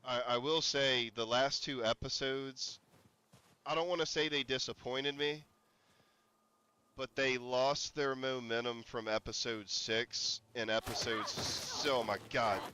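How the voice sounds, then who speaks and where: A man's voice: mid-range voice, fairly even intonation, unhurried, bright, forceful tone, clean tone, no room sound, rough recording. A man streaming a game, chatting casually and rambling, breaking into laughter and startled yelps. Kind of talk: casual gameplay commentary.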